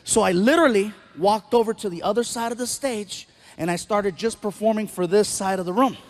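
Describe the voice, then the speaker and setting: A man telling a stand-up comedy story with an animated, storytelling delivery. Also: high-pitched, fairly quick.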